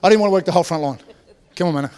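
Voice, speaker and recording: A man delivering a sermon in a church, with a fairly high voice. He keeps things conversational, cracks asides to the congregation and restarts his sentences often. The sound carries a long reverb from the church hall. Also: rapid-fire, a little mellow, clean tone. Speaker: pastor.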